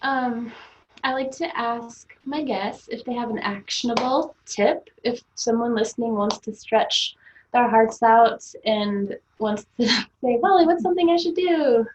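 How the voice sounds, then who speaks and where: A woman's voice: fairly high pitch, fairly even intonation, slow, slight background noise, poor audio. A woman hosting an interview in a friendly way, asking questions and laughing along. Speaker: podcast host. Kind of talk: casual interview chat.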